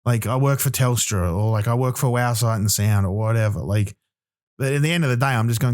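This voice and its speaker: A man's voice: mid-range voice, fairly quick, a little mellow. A young Australian man hosting a podcast, ranting in a loose comic monologue, swearing and acting out little voices as he goes. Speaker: podcast host.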